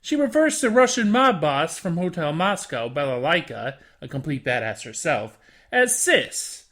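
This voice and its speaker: A host reading a scripted anime review, with an expressive delivery. The pitch rises and falls a lot as the narration runs along. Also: unhurried.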